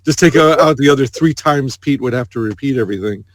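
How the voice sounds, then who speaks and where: A man's voice: mid-range voice, fast. A man co-hosting a podcast in casual chat, stumbling over repeated words as he jokes. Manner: hesitant, repeats words while joking. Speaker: podcast co-host.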